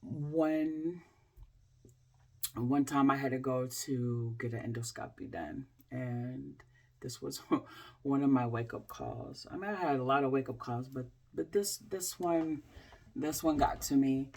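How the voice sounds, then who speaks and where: A woman in her forties, a health coach, telling a candid personal story to camera in a halting way, with many fillers and restarts. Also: rumbling low, darkish tone. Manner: candid, speaks in plain everyday terms.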